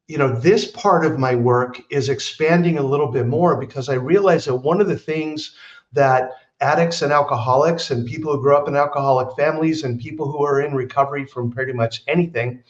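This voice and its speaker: A middle-aged podcast host with a fairly high-pitched voice tells personal stories at a moderate pace, chatty and earnest, with rambling asides. The recording sounds roomy and slightly dull.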